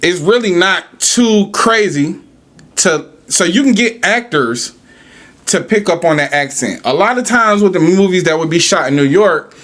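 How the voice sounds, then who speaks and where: A man's voice: high-pitched, expressive, a little slow, fairly bright tone. A man hosting a podcast, ranting in a casual, profane, argumentative way. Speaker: podcast host.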